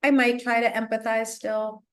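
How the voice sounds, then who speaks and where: A woman speaking as a parenting expert guest in a casual podcast interview, animated and chatty, with frequent restarts, fillers and little laughs. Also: a little high, normal speed. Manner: laughs often while explaining.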